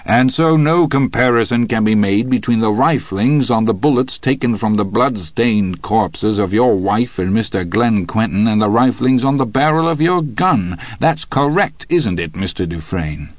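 A man's voice: lowish voice, animated, normal speed, few pauses, no room sound, natural voice. A man voicing a sarcastic, hectoring male prosecutor who fires pressing questions in court.

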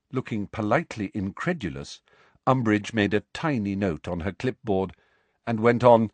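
Husky, expressive male storyteller. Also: fairly low pitch, normal speed, no echo. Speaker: audiobook narrator. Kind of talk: scripted narration.

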